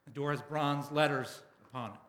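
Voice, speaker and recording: A man's voice: fairly high pitch, steady tone, normal speed, a bit bright, echoey room. A man preaching a sermon, retelling a book passage and then addressing his congregation directly. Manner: reads a book passage aloud with dramatic feeling. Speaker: pastor.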